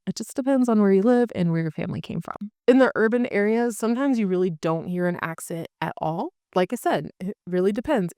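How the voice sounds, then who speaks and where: A woman's voice: medium pitch, darkish tone, clear, resonant tone, no room sound, clean studio sound. A woman from Eastern Oklahoma with a light Oklahoma accent, explaining a topic to camera in a chatty way, with casual asides and fillers. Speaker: real estate agent and channel host.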